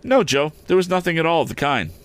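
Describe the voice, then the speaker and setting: A man's voice: on the high side, lively intonation, fast talker, fairly bright tone, pitched above the performer's own voice. A timid young boy, earnest and ashamed, pleads in a hesitant, lifted voice, as a man reading a story puts him on. The voice swoops up and down with feeling. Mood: anxious, pleading.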